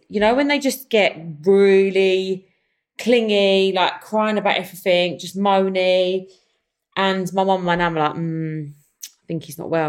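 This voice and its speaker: A young woman, hosting her own podcast and telling a story in a casual, animated way, often calling her listeners "guys". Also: on the low side. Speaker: podcast host. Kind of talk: casual chatty monologue.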